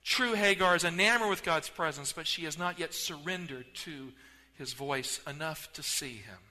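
A man preaching a sermon in a church, dramatic, swinging between loud emphasis and hushed near-whispers. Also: fairly high pitch, normal speed. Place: church sanctuary. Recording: long hall reverb.

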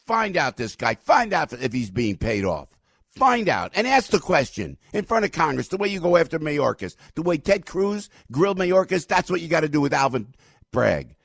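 A man hosting a talk show, giving fired-up political commentary, ranting, repeating himself and bursting into shouts. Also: fairly high pitch, very animated, moderate pace, gravelly, dry recording, clean studio sound.

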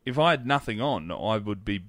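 A man's voice: fairly low pitch, moderate pace, no echo, clean studio sound. A man, a comedian telling stories in a casual podcast chat, swearing often. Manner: swearing, animated storyteller.

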